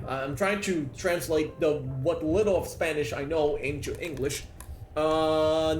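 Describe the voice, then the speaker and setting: A man, a Portuguese speaker, chatting excitably and swearing freely as he streams a game and reads chat aloud. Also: on the high side, a little slow. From Brazil. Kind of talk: casual live-stream chat while playing. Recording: roomy echo, faint game music.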